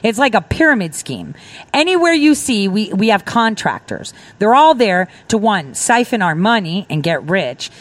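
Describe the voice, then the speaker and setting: A woman's voice: medium pitch, big pitch swings, normal speed, no echo. A woman talking as a guest on a political talk show, emphatic and rambling, acting out quoted exchanges as she explains. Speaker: defense contractor. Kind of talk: political talk radio conversation.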